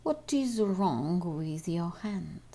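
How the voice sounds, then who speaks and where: A Russian-speaking English teacher records a homework walkthrough for children, reading exercises and answers aloud and speaking to the pupils directly. Her voice is lowish, expressive and dark in tone, and she goes slowly.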